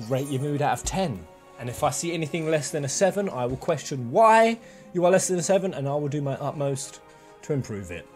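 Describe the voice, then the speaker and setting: A man hosts his live game stream from home. His voice sits a little high and swings widely as he jokes with viewers, playful and exuberant. Faint music plays softly behind him. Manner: playful, exuberant, joking with chat.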